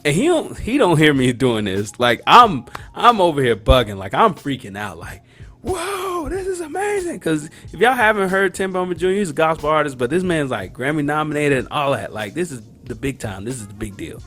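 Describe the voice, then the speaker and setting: A man's voice: on the high side, brisk, few pauses, faint music behind. A man hosting a podcast, telling a story casually with slang and acting out the voices and reactions of the people in it. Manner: animated, acts out dialogue and reactions; slangy, conversational. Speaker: podcast host.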